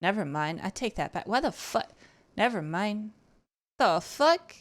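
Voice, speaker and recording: A woman's voice: mid-range voice, lively intonation, moderate pace. A woman streamer chatting casually with her viewers while gaming, teasing and cursing freely.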